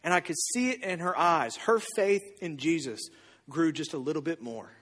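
A male pastor preaching a sermon through personal storytelling, conversational, with repeated phrases and moments of hush. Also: a little high, normal speed. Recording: long reverb of a large hall.

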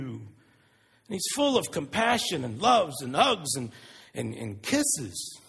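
A man preaching a sermon, retelling stories in an earnest, animated way. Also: a little high, a little slow, vocal fry, husky. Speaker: pastor. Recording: long reverb of a large hall.

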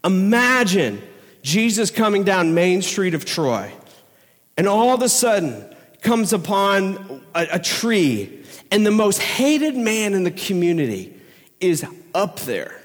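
A man preaching a sermon as pastor, telling the story with lively acted-out crowd voices. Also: sits high, takes it slowly. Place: church sanctuary. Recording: long reverb of a large hall.

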